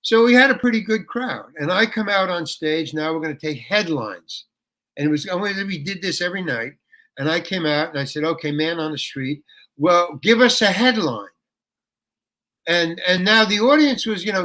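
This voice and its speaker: Older man, rambling and bright-toned. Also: fairly high pitch, expressive, normal speed. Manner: rambling anecdote with restarts, bursts into ranting. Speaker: guest actor. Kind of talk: interview storytelling.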